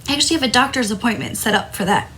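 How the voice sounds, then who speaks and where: A woman's voice: fairly high pitch, animated, racing, sharp tone, a little hiss or hum. A woman hosting a live crafting stream, talking casually and apologizing as a throat tickle keeps making her cough. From Tucson, Arizona. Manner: apologetic, chatty. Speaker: crafting host.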